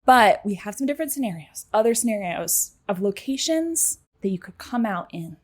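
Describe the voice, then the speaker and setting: A woman hosting a podcast, chatting casually and rambling a bit with quick laughs. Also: mid-range voice, very animated. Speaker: podcast host.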